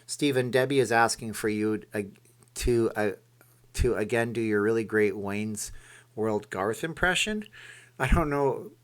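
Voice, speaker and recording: A man's voice: on the low side, measured pace. Rambling man hosting a live stream. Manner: rambling, reads viewer comments aloud and answers them. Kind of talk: casual live stream chat.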